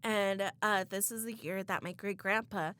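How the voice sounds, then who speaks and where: A woman's voice: medium pitch, moderate pace, sharp tone, smooth. A young woman co-hosting a podcast, candidly retelling a painful breakup and acting out the dialogue. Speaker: podcast co-host. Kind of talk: casual chat, storytelling.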